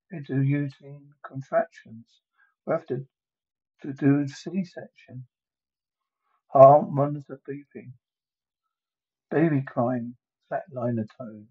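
Husky man reading a film script aloud. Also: medium pitch, takes it slowly, long pauses, highs cut off. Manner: reads every part himself, calling out sound effects aloud. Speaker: solo reader of a movie script. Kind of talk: one-man dramatic script reading with spoken sound cues.

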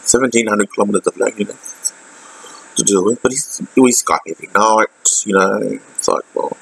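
A man with an Australian accent talking in a halting, emotional way with many fillers and restarts in a personal video diary. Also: on the low side, vocal fry, fairly bright tone, breathy edge, rough recording. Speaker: vlogger.

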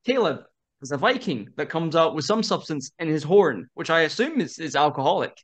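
A man in his twenties, a wrestler guest on a video-call podcast, telling a story in quick animated bursts and laughing often. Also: on the high side. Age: 20s. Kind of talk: casual interview chat.

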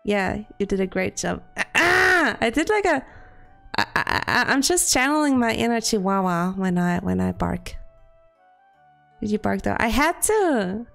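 A woman streaming a game and chatting casually with friends, giggly and playful, often breaking into squeaky silly voices. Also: big pitch swings, measured pace, creaky, a bit bright, faint music behind. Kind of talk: casual gameplay chat with friends.

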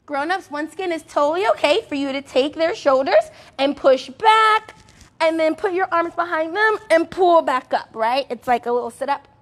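A young woman teaching a sing-song music and movement class for toddlers, bubbly and encouraging, with excited gasps. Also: very high-pitched, moderate pace.

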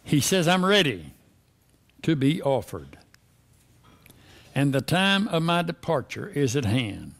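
A man's voice: fairly high pitch, sing-song, takes it slowly, vocal fry, long pauses, a bit bright. A man preaching a sermon, reading verses and pressing the listeners with repeated questions. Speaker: pastor.

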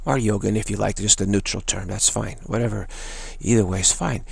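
Low gravelly man giving a spiritual talk. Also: fairly even intonation, fairly quick, no room sound. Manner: earnest, repetitive, chants mantra softly. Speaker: spiritual teacher. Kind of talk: spoken teaching talk.

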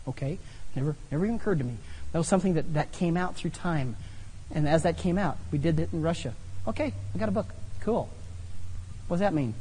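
A man preaching a sermon, telling funny personal stories with animated delivery. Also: a little high, a little hiss or hum. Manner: animated, humorous storytelling. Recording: long hall reverb.

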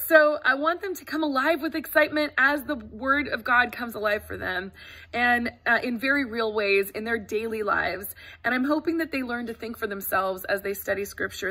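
A woman teacher in her thirties or forties speaks with a bright, clear voice. She talks to parents in an earnest, effusive way, with fillers and restarts. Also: on the high side. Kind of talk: casual welcome talk to parents. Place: empty classroom.

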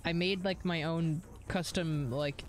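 A woman's voice: low voice, steady tone, a little slow, faint music behind. Casual, swearing young woman streamer. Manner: chatty, swears freely, reads chat aloud. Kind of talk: casual live-stream chat while gaming.

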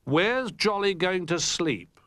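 Man doing a curious friendly toy rabbit, higher voice, slow, storybook. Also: animated, sharp tone, no echo, exaggerated voice.

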